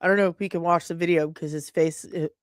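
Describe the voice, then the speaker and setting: A woman hosting an opinionated commentary show, sarcastic and quick to laugh. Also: lowish voice, fairly even intonation, no room sound, studio quality. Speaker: host. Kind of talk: casual commentary.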